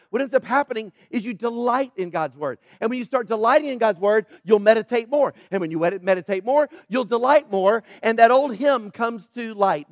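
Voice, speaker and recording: A man's voice: high-pitched, no echo, studio quality. A man preaching a sermon in an earnest, conversational way, calling out to people in the congregation and repeating key phrases. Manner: conversational, calls out to congregation members. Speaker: pastor.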